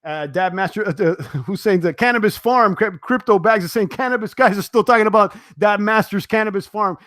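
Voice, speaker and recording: A young man with a fairly high voice hosts a casual live stream and talks straight to his viewers. He speaks loosely, full of fillers and restarts, and his voice sounds dry and close with no room echo. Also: fairly quick, fairly bright tone. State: sweating, tiring. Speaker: crypto live-stream host. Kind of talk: live-stream chat reading viewer comments.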